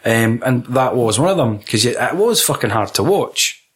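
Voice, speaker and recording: A Scottish man talking films with a friend, loose and animated. He swears freely and breaks into laughter. His voice sits at an ordinary middle pitch. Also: moderate pace. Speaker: podcast co-host. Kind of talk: casual film chat.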